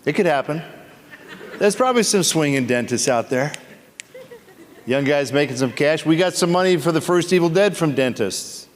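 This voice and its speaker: An actor on a convention panel, a man joking and teasing audience members in playful, quick asides. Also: on the high side, lively intonation. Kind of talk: comedic Q&A banter with the audience. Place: convention hall. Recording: echoey convention hall.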